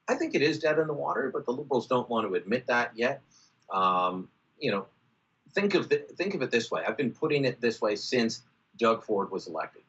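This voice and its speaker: A political contributor with a medium-pitched, slightly bright voice delivers emphatic, opinionated commentary over a video call. He says "uh" and "you know" often, and the video-call audio is muffled.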